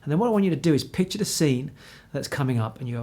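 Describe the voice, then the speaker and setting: A man in his fifties, a confidence coach, giving an energetic, encouraging talk straight to the viewer from an indoor room. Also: on the high side, very fast. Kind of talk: motivational talk to camera. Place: indoor room with pictures on the wall.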